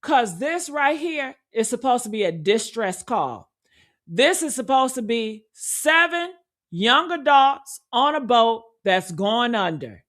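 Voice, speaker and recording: A woman's voice: high voice, a bit bright. A woman giving blunt, sarcastic true crime commentary, swearing freely and talking straight to her viewers. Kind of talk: casual video commentary.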